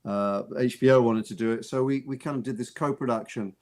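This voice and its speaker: Man, mid-pitched voice, rambling anecdotes, laughs as he talks, repeats words, radio interview guest. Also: fairly even intonation, brisk, darkish tone. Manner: amused, laughs while telling stories. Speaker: actor and author, interview guest. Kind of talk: casual anecdotal storytelling. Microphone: radio studio mic.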